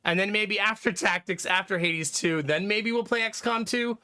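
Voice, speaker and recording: A man's voice: sits high, moderate pace, sharp tone, clean tone. A young man streaming live, rambling casually to his chat about which games he plans to play, with lots of fillers. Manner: rambling, thinking aloud, frequent fillers and laughs.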